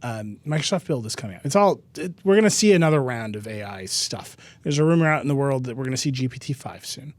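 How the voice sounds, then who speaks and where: A man hosting a casual tech podcast, talking with wry, quick asides. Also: mid-range voice, lively intonation, dry recording. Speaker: podcast host.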